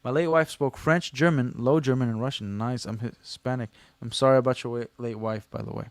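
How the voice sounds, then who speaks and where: A man with a mid-range voice and steady tone hosts a casual livestream, talking a little fast with no room sound. He reads chat messages aloud and answers them with slangy jokes and teasing, his delivery loose and packed with fillers.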